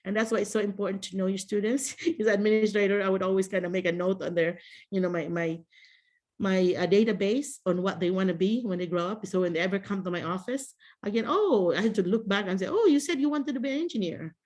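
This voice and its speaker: A woman's voice: mid-range voice, steady tone, fast talker, a little mellow. Chatty laughing woman on a video call. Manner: chatty, laughs often, many fillers and restarts. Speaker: teacher-coach hosting a video call. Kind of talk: casual advice over a video call.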